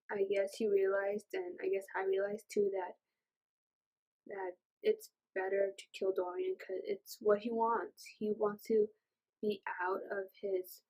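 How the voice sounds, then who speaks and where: A young woman excitedly reviewing a fantasy novel on her book channel, rambling and gushing with lots of fillers. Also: mid-range voice, low-quality recording. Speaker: book vlogger.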